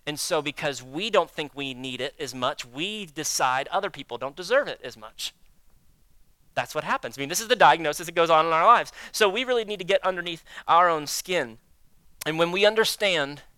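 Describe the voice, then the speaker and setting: Bright, crisp-voiced man preaching. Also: a little high, dry recording. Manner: acts out prayers and inner dialogue with God; swings between loud emphasis and hushed, slow delivery. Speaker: pastor. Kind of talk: sermon.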